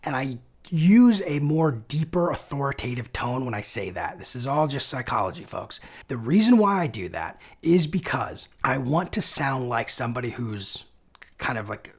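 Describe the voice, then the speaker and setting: A man hosting a sales lesson, explaining cold-call tactics in an upbeat, energetic teaching manner. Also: medium pitch, normal speed, slightly rough. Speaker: sales coach and channel host. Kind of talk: instructional video lesson.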